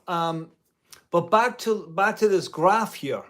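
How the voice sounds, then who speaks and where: Slow-talking indignant guitar teacher. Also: male voice, high voice, expressive, a bit bright. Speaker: guitar channel host, part-time music teacher. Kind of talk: casual to-camera commentary.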